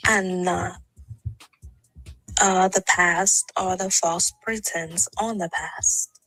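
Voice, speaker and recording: Slow, defensive woman caller. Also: on the low side, steady tone, bright, forceful tone, soft background music, poor audio. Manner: evasive, defensive. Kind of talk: live call-in chat.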